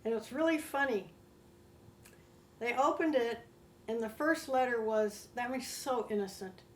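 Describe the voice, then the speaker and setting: An older American woman, a guest, telling her own story with heartfelt, animated feeling. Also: fairly high pitch, measured pace, slight background noise. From United States. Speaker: interview guest. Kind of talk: personal storytelling. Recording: roomy echo.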